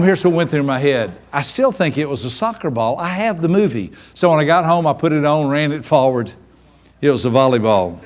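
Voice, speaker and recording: A man, a business coach telling stories to a seminar audience and acting out the voices of people in them. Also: a little high. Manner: animated, acts out quoted voices. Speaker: business coach giving a training. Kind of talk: live seminar storytelling.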